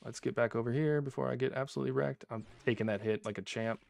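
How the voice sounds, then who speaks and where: A man's voice: medium pitch, fairly even intonation, fast, gravelly, darkish tone. A man streaming a video game, chatting with viewers as he plays, now and then laughing in mock frustration. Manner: chatty, talks to chat, bursts of laughing frustration. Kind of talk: live gameplay commentary.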